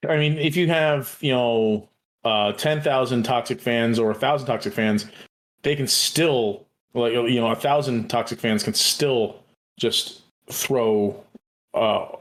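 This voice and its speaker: A man's voice: medium pitch, unhurried. A man co-hosting a podcast, talking casually and earnestly with frequent hesitations and restarts. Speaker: podcast co-host. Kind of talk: casual chat.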